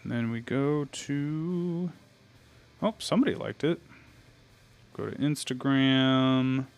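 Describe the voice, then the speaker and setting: The recording is muffled as a young livestreamer with a mid-range voice speaks slowly. He chats casually, greets his viewers, and thinks aloud while posting online, faint metal music playing in the background.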